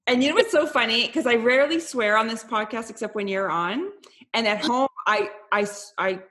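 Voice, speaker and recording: A woman's voice: a little high, fairly bright tone. Chatty, upbeat woman podcast host. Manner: upbeat, chatty, quick to laugh. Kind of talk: casual podcast chat.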